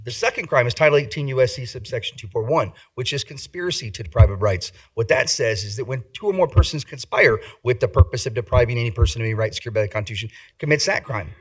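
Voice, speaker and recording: Man from D.C., litigator; rapid, husky, forceful legal delivery. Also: medium pitch, animated, low-quality recording. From Washington, D.C. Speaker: civil rights litigator giving public comment. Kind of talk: prepared public comment.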